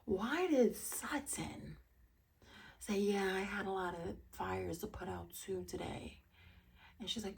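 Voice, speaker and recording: A woman casually recapping a reality TV episode, chatty and quick to laugh, with incredulous asides. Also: mid-range voice, creaky, breathy edge.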